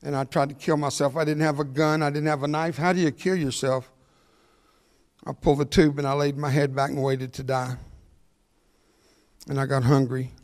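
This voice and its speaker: Older male motivational speaker, slightly high voice, fast and jokey storyteller. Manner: animated, jokey, laughs at his own punchlines; talks fast. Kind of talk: humorous storytelling talk.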